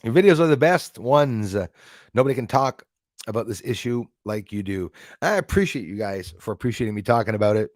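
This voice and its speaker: A man's voice: medium pitch, animated, a little fast, a little mellow, no echo, clean studio sound. Rambling man hosting a live stream. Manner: rambling, reads out and thanks chat viewers. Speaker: livestream host. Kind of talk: casual live-stream chat.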